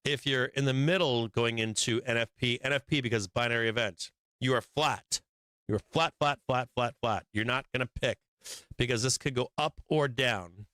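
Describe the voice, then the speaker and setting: A man's voice: medium pitch, normal speed, pushed and bright, clear, resonant tone, dry recording. A man hosting a stock market show who gives casual trading commentary in a blunt, profane, rambling way with many fillers.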